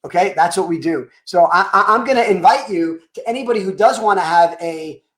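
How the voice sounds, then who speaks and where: A woman's voice: on the low side, brisk. Emphatic woman chiropractor in an echoey room. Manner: emphatic, asks rhetorical questions, frequent "right?". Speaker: chiropractor guest. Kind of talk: health talk on a live stream.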